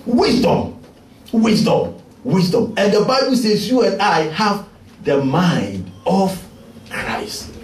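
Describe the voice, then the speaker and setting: A male pastor preaching a sermon in a church, emphatic and often shouting. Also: medium pitch, a little hiss or hum. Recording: echoey church from far off.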